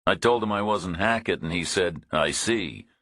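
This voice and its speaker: A male audiobook narrator voicing a blunt, tough hero who talks in a flat, matter-of-fact way. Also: low voice, moderate pace, no echo, studio quality, heavily acted. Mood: threatening. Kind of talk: audiobook character voice.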